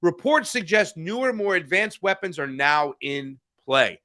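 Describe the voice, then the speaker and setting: This podcast co-host's voice is a little high and sharp, expressive and somewhat slow. Talking politics casually on the news show, he grows heated, curses, and keeps restarting what he's saying.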